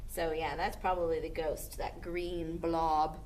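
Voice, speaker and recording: A woman music teacher leading an online music lesson for young children, with an animated sing-song manner. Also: sits low, a little slow, slight background noise. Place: indoor classroom.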